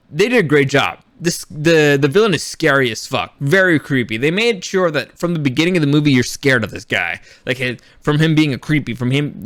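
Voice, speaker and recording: A man's voice: on the high side, a bit bright, no room sound, clean studio sound. A man giving a casual, rambling film review, blunt and a little profane, with frequent restarts. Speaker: movie reviewer.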